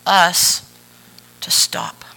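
A woman's voice: very slow, bright, forceful tone, in a whisper, rough recording. A woman preacher giving a chatty, playful sermon with asides to the congregation. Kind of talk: conversational sermon.

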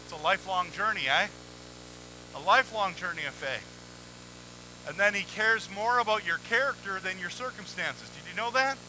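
A man preaching a sermon in a conversational, energetic way, acting out little exchanges with God, at a church microphone. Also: high-pitched, moderate pace, slight background noise, low-quality recording. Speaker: pastor. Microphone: handheld or headset mic, volume cutting on and off.

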